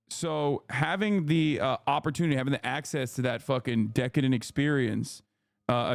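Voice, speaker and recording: A man's voice: medium pitch, gravelly, no room sound, studio quality. A man hosting a livestream, telling a rambling, profane story in casual chat. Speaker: livestream host.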